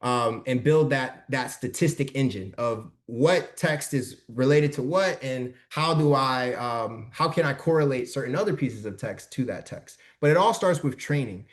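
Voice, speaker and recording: A man's voice: medium pitch, lively intonation, normal speed, few pauses. A young man presenting a casual live workshop over a video call, chatty and informal, checking in with his audience often.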